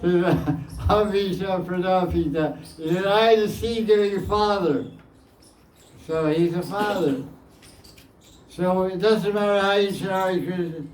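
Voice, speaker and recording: A man's voice: sits high, slow pace, a little mellow. A man, a spiritual teacher, answering questions from devotees in a plain-spoken, repetitive way, often chuckling. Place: indoor gathering room. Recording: echoey room, distant mic, faint hiss.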